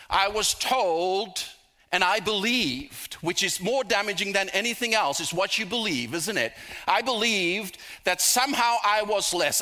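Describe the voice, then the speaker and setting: A middle-aged man preaching a sermon, telling personal stories with humorous asides and slowing down for emphasis. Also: high voice, sharp tone.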